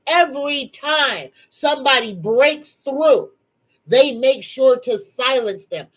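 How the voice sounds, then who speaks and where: A woman's voice: high-pitched, expressive, takes it slowly, rough recording. A middle-aged woman, hosting a live psychic chat in a folksy, emphatic, preachy way. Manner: tearful, soft-spoken. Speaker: psychic livestream host. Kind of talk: casual live-stream chat.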